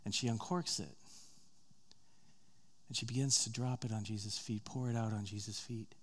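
A man preaching a sermon, retelling a story with conversational asides, rising louder and higher at tense moments and dropping soft and slow. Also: steady tone.

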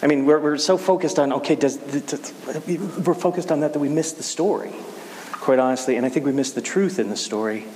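A man preaching a casual sermon, talking in a conversational, halting way with frequent restarts. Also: on the high side, a little mellow. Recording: echoey hall with faint hiss.

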